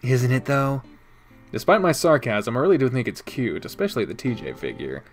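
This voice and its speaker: A man's voice: mid-range voice, wildly swooping pitch, quick pace. A man streaming a visual novel, reading its text aloud and chatting casually with viewers, now and then swearing, with faint music behind him. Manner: casual, swears, chats with viewers between read lines.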